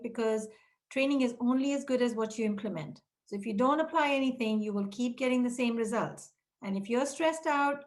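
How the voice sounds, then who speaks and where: A middle-aged woman presenting a training webinar for childcare leaders, speaking directly to listeners and acting out short quoted exchanges. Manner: breaks into quoted dialogue with raised pitch. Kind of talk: webinar teaching talk.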